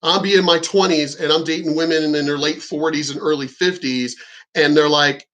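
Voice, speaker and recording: A man speaks in a casual reaction-commentary style, his voice sitting a bit high for a man. He is blunt and profane, telling his story in a frank, unpolished way. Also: steady tone, fairly quick, fairly bright tone, rough recording.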